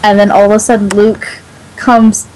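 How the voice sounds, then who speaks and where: A woman telling a story to friends in casual chat, animated and full of swearing. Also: mid-range voice, normal speed, a little hiss or hum, low-quality recording.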